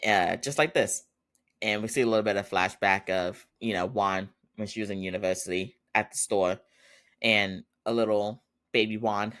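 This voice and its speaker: A man's voice: on the low side, fairly even intonation, normal speed, a bit bright. A man hosting a podcast, casually recapping a TV episode in a chatty way and laughing often as he retells it. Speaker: podcast host.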